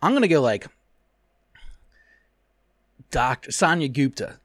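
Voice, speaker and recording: A man's voice: a little high, big pitch swings, no echo, clean studio sound. A man, co-hosting a podcast, teasing and swearing in casual chat. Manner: teasing, swearing, quick to mock. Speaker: podcast co-host.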